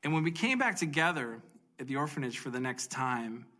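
A man sharing a personal faith testimony in an earnest, emotional way, speeding up and slowing down for emphasis. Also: mid-range voice, very animated, bright, forceful tone. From United States.

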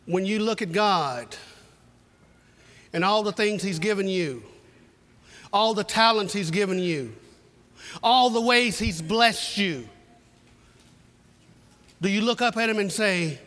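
A man's voice: high-pitched, slow pace, long pauses, a bit bright, big-room sound. A man preaching a sermon to a church congregation, telling a folksy, repetitive story with humor. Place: church sanctuary.

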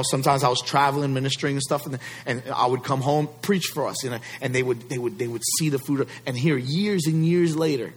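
A man's voice: mid-range voice, slight background noise. A male pastor preaching a sermon, emphatic and fond of rhetorical questions to the congregation.

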